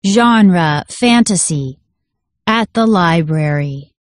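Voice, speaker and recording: A woman's voice: on the low side, lively intonation, no echo, studio quality. Woman teacher reading a story aloud. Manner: clear, measured read-aloud.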